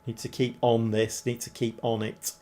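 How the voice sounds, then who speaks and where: A man's voice: mid-range voice, monotone, normal speed, dark tone. A man casually commentating while live-streaming a football management game and chatting with viewers, swearing mildly along the way. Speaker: game livestreamer.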